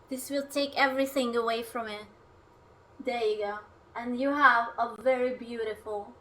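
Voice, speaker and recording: Cooking on a livestream, a young streamer from Hungary chats casually, joking at her own expense. Her voice is a little high with a sharp tone, and there's a bit of hiss or hum.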